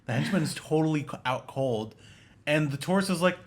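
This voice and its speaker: A man's voice: a little high, animated, fairly quick. A man co-hosting a casual podcast, rambling sarcastically about a movie with lots of fillers and restarts. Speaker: podcast co-host. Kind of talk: casual film-review banter.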